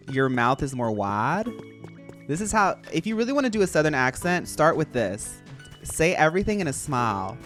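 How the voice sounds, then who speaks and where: Streamer, casual gameplay chat, playful, rambling, animated pitch, faint background music. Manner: rambling, playful, jumps between topics.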